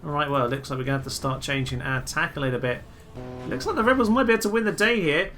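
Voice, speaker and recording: Excitable man commentating gameplay. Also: a little high, fast talker, faint music behind. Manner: excitable, jokey, bursts of loud exclamations. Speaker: gaming video host.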